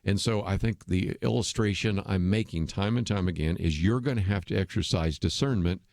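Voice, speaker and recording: Man, radio host, low voice, earnest persuasive commentary, fillers and restarts, dry close sound. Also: moderate pace, creaky, a little mellow, no room sound. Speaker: radio talk show host.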